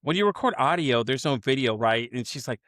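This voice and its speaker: Male podcast host, quick and animated, dry close mic. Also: mid-range voice, no echo. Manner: animated storytelling, acts out quotes, swears freely. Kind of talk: casual podcast chat.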